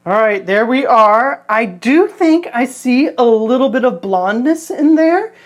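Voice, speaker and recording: A man's voice: extremely high pitch, animated, unhurried, no room sound. A man in his forties chatting casually in a vlog, reviewing a hair product in a rambling, self-deprecating way. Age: 40s.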